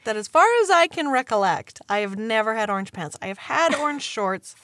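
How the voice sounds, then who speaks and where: A woman in her thirties, a podcast host telling stories about her own life in casual chat, animated and laughing often. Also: fairly high pitch, a little fast, no echo, studio quality.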